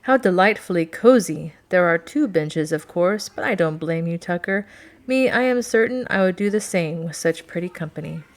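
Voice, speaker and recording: A woman's voice: medium pitch, expressive, normal speed, few pauses, natural voice. A woman doing a sly, teasing duke. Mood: amused. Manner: smooth, amused, teasing. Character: charming sly male duke, French-tinged.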